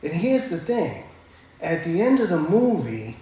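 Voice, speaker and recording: A man's voice: fairly high pitch, big pitch swings, measured pace, dark tone. A man telling his own recovery story at a speakers' meeting, blunt and profane, often tossing in "right?" as he talks. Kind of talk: personal recovery talk. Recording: very echoey room, faint ambience.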